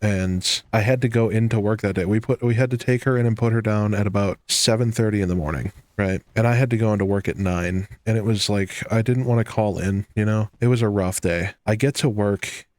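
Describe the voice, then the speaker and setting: A young man with a low voice chats through his gameplay, wandering from one story to the next. He talks in a loose, self-mocking way and often breaks into laughter. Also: fairly quick, few pauses, darkish tone, no echo, clean studio sound. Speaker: gaming YouTuber. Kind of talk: casual commentary while playing.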